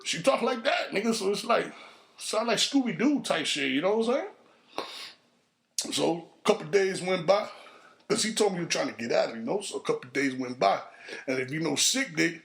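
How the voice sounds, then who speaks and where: In a loose, foul-mouthed monologue, a podcast host recounts a crude street story and shifts into higher voices for the people he quotes. He is expressive and speaks at a moderate pace, his gravelly voice a bit bright.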